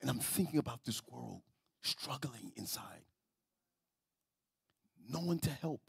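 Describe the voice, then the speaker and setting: A man pastor preaching a sermon in a church, telling stories, often repeating and restarting words, and swinging between soft and loud. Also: medium pitch, animated, measured pace, vocal fry, breathy edge, dry recording, clean studio sound. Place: church sanctuary.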